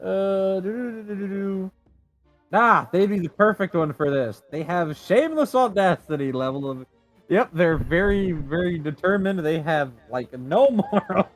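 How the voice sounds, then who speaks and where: A man's voice: high voice, expressive, moderate pace, soft background music. A young man playing a tabletop game, swearing, laughing and breaking into playful outbursts. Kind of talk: casual tabletop role-play chat.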